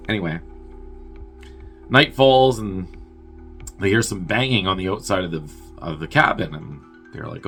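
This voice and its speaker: Man, movie reviewer, rambling wry plot recap, lowish bright voice, faint music behind. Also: measured pace, pauses often. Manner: rambling, wry, laughs at his own jokes. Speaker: movie review podcast host.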